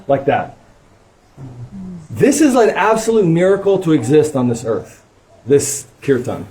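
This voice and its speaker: Enthusiastic man with a mellow voice. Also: a little high, big pitch swings, moderate pace. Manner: enthusiastic, chants meter syllables aloud. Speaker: kirtan teacher. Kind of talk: casual class discussion.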